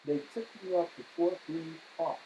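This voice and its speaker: A man's voice: a little high, fairly even intonation, normal speed, warm tone, lo-fi sound, a little hiss or hum, close to an everyday voice. A man quoting a defiant young man who is scarred and unafraid of police, in a blunt, streetwise way.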